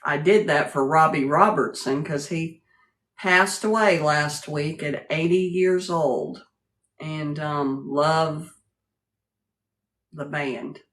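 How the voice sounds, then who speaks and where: A woman's voice: low voice, slow, fairly bright tone. A woman hosting a casual livestream, greeting viewers by name and laughing often as she chats. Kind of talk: casual live chat.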